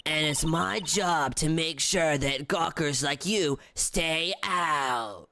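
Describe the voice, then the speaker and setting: A streamer voicing a nosy, scolding older female security guard in a slow, drawling voice during a voice-acted game playthrough. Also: mid-range voice, background noise. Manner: scolding, drawn-out delivery.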